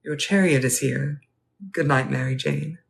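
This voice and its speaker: A man playing a polite, wistful Edwardian gentleman at a ball, speaking formally and courteously in a live role-play. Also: mid-range voice, steady tone, measured pace, creaky. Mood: genteel. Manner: formal, courteous, old-fashioned phrasing.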